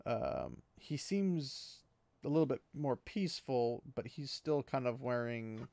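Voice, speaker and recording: A man's voice: mid-range voice, sing-song, takes it slowly, creaky, warm tone, no room sound. A man casually recapping a fantasy book chapter, rambling with many fillers and small laughs.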